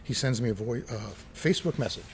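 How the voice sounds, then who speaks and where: In a former airport terminal near the runway, a middle-aged ex-controller and pilot trades lively anecdotes as an interview guest. His mid-range voice moves quickly, and he acts out the lines people spoke.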